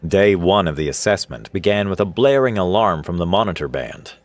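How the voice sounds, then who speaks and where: A man reading a scripted science-fiction story in a steady, expressive way. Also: low-pitched, brisk, no echo. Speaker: narrator. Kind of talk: scripted sci-fi story narration. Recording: narration over faint music. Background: faint music.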